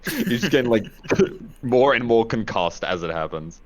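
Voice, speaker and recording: A man's voice: mid-range voice, expressive, normal speed. A man playing a tabletop game in casual chat, joking and laughing mid-sentence. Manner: giggly, jokey, often laughs mid-sentence. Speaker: player.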